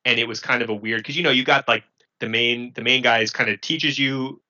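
Halting man with a bright, lo-fi voice. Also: mid-range voice, fairly even intonation. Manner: halting, filler-heavy, self-correcting. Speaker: former Marine recruit. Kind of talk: casual storytelling chat.

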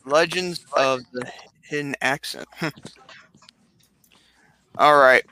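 A man's voice: medium pitch, slow, sharp tone, dry recording. A man co-hosting a casual live-stream podcast, upbeat and joking as he coaxes viewers to join in. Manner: upbeat, coaxing the chat, joking asides. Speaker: podcast co-host.

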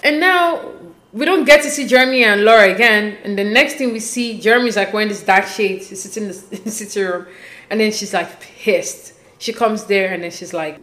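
A woman giving a casual, opinionated recap of a reality show, slipping quoted lines into her talk. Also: medium pitch. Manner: animated, quotes people in quick asides. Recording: echoey room.

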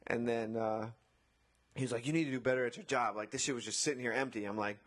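A man's voice: mid-range voice, steady tone, quick pace, a bit bright. A man who works as a beach umbrella attendant, casually retelling a run-in with a customer, acting out both sides and swearing often. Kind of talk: casual storytelling chat.

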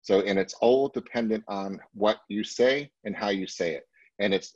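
A man with a low, husky voice runs a live sales training session, emphatic and conversational. He keeps checking in with his listeners as he explains each point. The sound is dry and a little muffled. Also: normal speed, darkish tone, dry recording. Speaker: real estate sales trainer.

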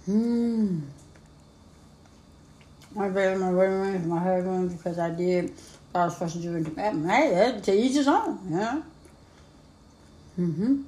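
A woman co-hosting a casual chat, supportive and light-hearted, quick to affirm her partner. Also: mid-range voice, mellow. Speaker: co-host. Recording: echoey room.

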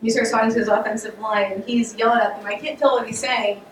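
A woman with a fairly high voice gives a chatty, animated sermon full of laughs and restarts, her voice getting worn. She sounds set back from the mic in a reverberant room. Faint room noise hums underneath. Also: fast talker. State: losing her voice. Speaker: speaker giving a devotional talk. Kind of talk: casual sermon. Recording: echoey room, voice picked up from a distance.

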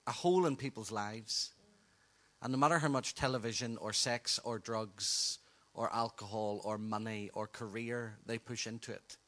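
A man co-teaching on worship, steady and earnest as he quotes writers to build his point. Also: lowish voice, normal speed. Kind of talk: teaching talk, quoting writers.

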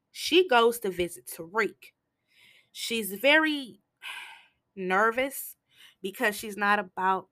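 A woman casually recapping a TV episode, telling it in an animated, slangy way. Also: mid-range voice, no room sound. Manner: animated storytelling with slangy asides.

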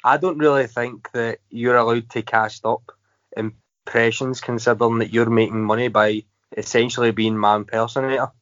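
A man's voice: medium pitch, steady tone, moderate pace, fairly bright tone, dry recording. Teasing Scottish man, dull dry sound. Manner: teasing, jokey, laughs often. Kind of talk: casual podcast chat.

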